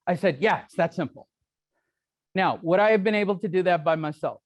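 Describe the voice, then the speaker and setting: A middle-aged real estate speaker with a high voice talks a little fast, with no echo, giving a live seminar to an audience in a meeting room. He's brash, cracks jokes, and pokes fun at himself.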